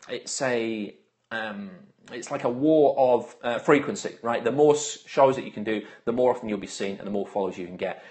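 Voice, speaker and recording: Male live-stream host, rapid casual patter, mid-pitched voice, lots of fillers. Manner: chatty, greets viewers by name, many filler uhs.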